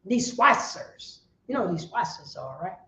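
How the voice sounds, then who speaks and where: A woman preaching on the street, firing rhetorical questions and bursting into shouts. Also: mid-range voice, sing-song, normal speed, reverberant, poor audio.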